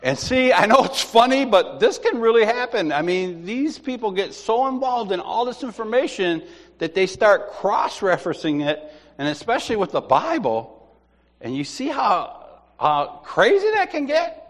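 Animated middle-aged man telling a faith story. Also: high-pitched, moderate pace. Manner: animated storyteller, laughs and repeats himself. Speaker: church member sharing a testimony. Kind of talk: personal faith testimony. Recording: long hall reverb.

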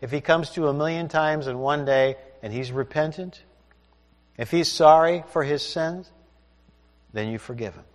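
Man, preacher, sermon, scripture reading, slightly higher voice, long hall reverb. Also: normal speed. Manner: reads scripture aloud, then explains it conversationally.

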